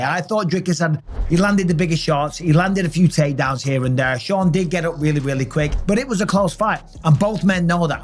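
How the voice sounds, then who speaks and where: A man in his forties hosting a casual reaction commentary, emphatic and fond of asking "okay?" to drive points home. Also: on the high side. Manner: emphatic, tags lines with "okay?". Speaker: host.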